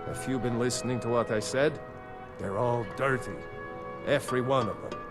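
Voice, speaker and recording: An actor playing a bitter, aging shopkeeper and former fisherman in a video game, with a gruff, sour way of complaining. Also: mid-range voice, steady tone, moderate pace, lightly acted. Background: game music.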